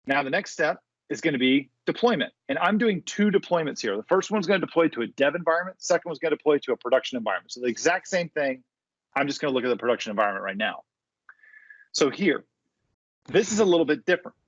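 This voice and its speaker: A man presenting a casual, live screen-share tech demo on a developer community video call, with quick asides and restarts. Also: fairly high pitch, animated, no room sound, highs cut off.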